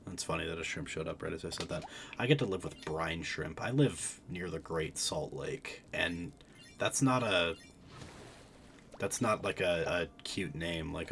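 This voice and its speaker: A man's voice: low voice, unhurried, vocal fry, a bit bright, slight background noise. A tired man chatting casually while streaming a fishing game, rambling and breaking off mid-sentence. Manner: rambling, self-interrupting, chatty. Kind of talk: casual gaming stream chat.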